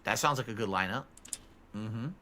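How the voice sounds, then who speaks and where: A man's voice: fairly low pitch, moderate pace, bright, forceful tone. A man chatting casually on a stream, answering chat messages in a musing, talkative way.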